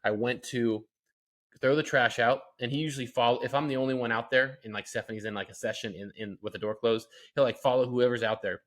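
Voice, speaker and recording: A young man co-hosting a podcast, telling casual stories with lots of filler words and lively acted-out quotes. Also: medium pitch, quick pace. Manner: animated storytelling, lots of fillers. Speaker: podcast co-host. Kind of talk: casual chat.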